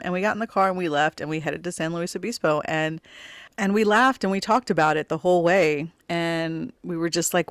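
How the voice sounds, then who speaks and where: A middle-aged woman hosting a podcast, telling a long personal story in a loose, rambling way that is full of "like". Her voice is smooth and clear, recorded dry and close. Under the chatter there is a wistful, grieving edge. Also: lowish voice, no room sound. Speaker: podcast host.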